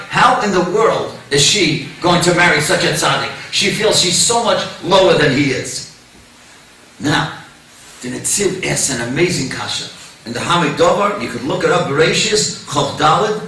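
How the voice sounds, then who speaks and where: Animated rabbi lecturing in an echoey hall. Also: male voice, fairly high pitch, slight background noise. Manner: animated storytelling, acts out quoted voices. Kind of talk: lecture to a synagogue audience. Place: synagogue hall. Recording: echoey hall, mic at a distance.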